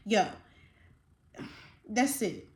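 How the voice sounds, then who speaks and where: A woman hosting a faith-based casual talk. She speaks with passion, drops slangy asides and gets excited as she goes. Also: mid-range voice, drawn-out words, echoey room. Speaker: podcast host.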